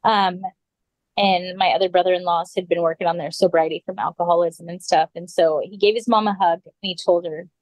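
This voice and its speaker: A woman with a lowish voice tells a personal story as a podcast guest. Her telling is earnest, with frequent throat clearing. The sound is dry and close. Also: steady tone, brisk, darkish tone, dry recording, poor audio.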